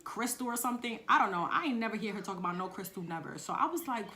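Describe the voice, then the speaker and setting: A young woman, telling a story on her vlog in a slangy, profane, animated way. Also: medium pitch, fast talker. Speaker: vlogger. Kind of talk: casual story time.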